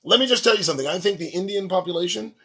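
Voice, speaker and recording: A man's voice: high voice, very fast, sharp tone. A man hosting his own show, reading news headlines and ranting about them in a profane, sarcastic way. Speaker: show host. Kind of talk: solo commentary on news headlines.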